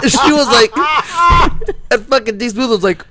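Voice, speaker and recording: A man's voice: high voice, moderate pace, over a noisy crowd. A man in his thirties telling long, rambling, profane stories on a casual podcast, often laughing at himself. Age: 30s. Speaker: podcast co-host. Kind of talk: casual storytelling.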